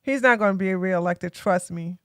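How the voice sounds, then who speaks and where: A woman's voice: mid-range voice, normal speed, a bit bright, smooth, no room sound, clean studio sound. A tired woman from Georgia, hosting a casual political live stream and talking bluntly to her chat. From Georgia, USA. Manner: blunt, sassy, talks straight to chat.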